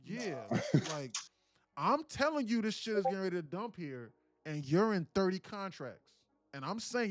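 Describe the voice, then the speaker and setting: A man live-streaming his day trading, telling a story in an animated, profane, rambling way with frequent restarts. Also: high voice, moderate pace, soft background music.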